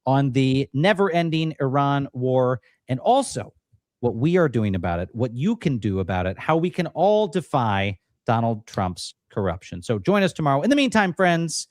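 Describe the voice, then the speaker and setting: Animated male political livestream host. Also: mid-range voice, normal speed, no room sound, clean studio sound. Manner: animated, mocking, rallying.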